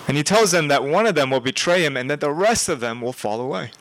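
A young man giving a sermon in a conversational, animated way, with emphatic repetition. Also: on the high side, quick pace, a little hiss or hum, poor audio. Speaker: preacher.

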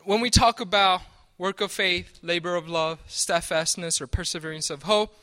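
A man's voice: high-pitched, normal speed, pushed and bright. A man preaching a sermon, conversational, often checking in with "right?" and restarting his sentences. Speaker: pastor.

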